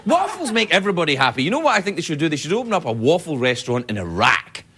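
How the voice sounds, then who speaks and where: A man, hosting a late-night talk show and delivering a comic monologue in a playful way, breaking into shouts. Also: on the high side, rapid-fire. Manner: playful, lively, bursts into shouts and mock voices. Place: TV studio with live audience. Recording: loud studio audience laughter and noise.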